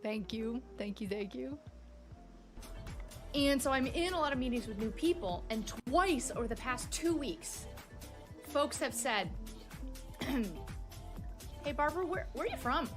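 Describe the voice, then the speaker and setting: A woman's voice: on the high side, expressive, unhurried, pauses often, over music. A woman with a light Canadian accent, live streaming a game and chatting aloud to herself and her chat.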